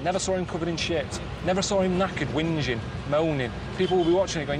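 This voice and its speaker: A middle-aged man, grumbling deadpan through a travel show. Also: a little high, fast talker, hardly any pauses, heavy background noise. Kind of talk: reluctant travel show commentary.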